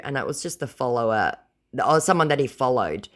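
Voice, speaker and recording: A woman's voice: extremely low pitch, very animated, fairly quick. A woman retelling a chat with a scammer aloud, sarcastic and mocking. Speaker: scam-baiting creator.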